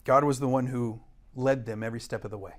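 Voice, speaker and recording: A man's voice: medium pitch, fairly even intonation, fast talker. Earnest man teaching a Bible study. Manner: earnest teaching, rising emphasis on key words; brief acted quotes of scripture figures. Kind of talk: church Bible study lesson. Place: church classroom.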